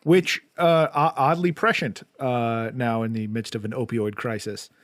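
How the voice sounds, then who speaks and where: A man's voice: mid-range voice, fairly even intonation, unhurried, fairly bright tone, no echo. A man co-hosting a podcast, chatting casually about a film and rambling through restarts and fillers. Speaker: podcast co-host. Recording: dry, close-miked basement studio.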